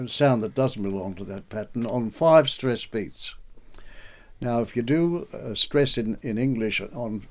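A man, a poet and translator, talking in an interview about his translation of a medieval poem and reciting lines aloud with animation. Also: lowish voice. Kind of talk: conversational interview.

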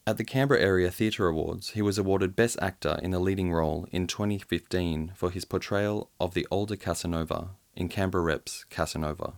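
Deep-voiced radio host. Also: male voice, steady tone, gravelly, no room sound. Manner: measured, formal announcing. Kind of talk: scripted radio introduction.

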